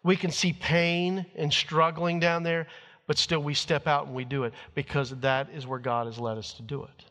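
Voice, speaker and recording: Speaking a little high and a bit bright, this middle-aged pastor delivers a sermon at a moderate pace with fairly even intonation, his voice filling a big room. He spins a folksy family tale for his congregation and plays out the quoted lines himself.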